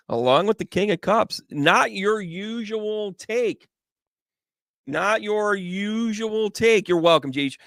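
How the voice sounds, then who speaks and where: A man doing casual live tarot readings as a medium, chatty and animated, greeting viewers by name. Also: sits high, no echo, studio quality.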